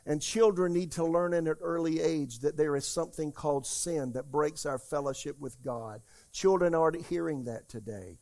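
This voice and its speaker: A man preaching an Easter Sunday sermon as pastor, emphatic and calling out to the congregation, swinging from loud declarations to quiet asides. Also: on the high side, moderate pace. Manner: emphatic preaching, asks the congregation "How many hear me?".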